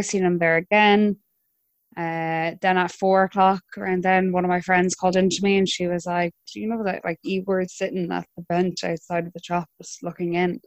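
A young Irish woman in her twenties, telling her own story in a relaxed, chatty way with hesitant restarts. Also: fairly low pitch, no room sound. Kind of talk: conversational storytelling.

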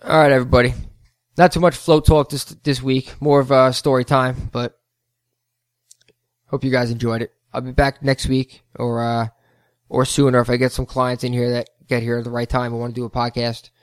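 The owner of a float center, hosting his podcast, wanders through a casual story punctuated by heated asides. His voice is clear and resonant, medium in pitch with little movement, at a normal speed, in clean studio sound without room noise.

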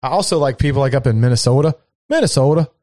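A man co-hosting a podcast in casual chat, animated and profane, often laughing. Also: medium pitch, rapid-fire. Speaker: podcast co-host.

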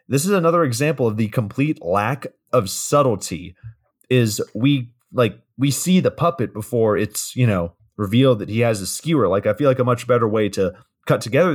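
A man from Georgia co-hosting a casual film-review chat, wryly recapping scenes and joking as he goes. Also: mid-range voice. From Georgia, USA. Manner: wry, recapping scenes with jokes. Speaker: podcast co-host.

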